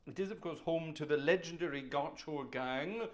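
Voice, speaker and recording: A man's voice: fairly high pitch, moderate pace. A man hosting a live organ concert stream from home, chatting in a genteel, slightly theatrical way. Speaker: organist and livestream host. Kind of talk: casual live-stream chat. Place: warm room at home with an organ.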